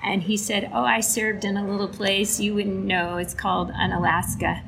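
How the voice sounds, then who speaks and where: A woman's voice: medium pitch, normal speed, creaky, noisy background. A woman from Alaska casually retelling stories about veterans, acting out the dialogue. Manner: animated retelling with quoted dialogue. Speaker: storyteller for a veterans' flight charity. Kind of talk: casual spoken storytelling.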